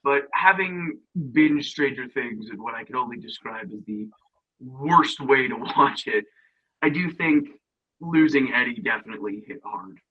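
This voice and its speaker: An excitable man co-hosting a podcast, often laughing. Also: medium pitch, unhurried, husky, muffled recording. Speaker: podcast co-host. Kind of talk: casual chat.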